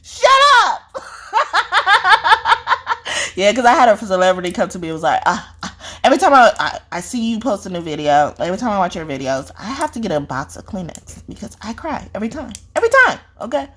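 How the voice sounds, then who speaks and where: A woman's voice: mid-range voice, lively intonation, fast talker, hardly any pauses. A woman who reads spiritual messages, chatting casually to viewers in a rambling way, full of fillers and laughter. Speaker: spiritual reader.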